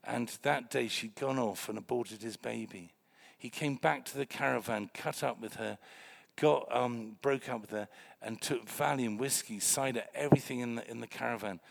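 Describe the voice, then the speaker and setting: A male preacher with a gravelly edge to his mid-range voice. He preaches with animated storytelling, dropping low and quiet, then rising to loud bursts. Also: moderate pace, few pauses. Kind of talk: sermon with storytelling.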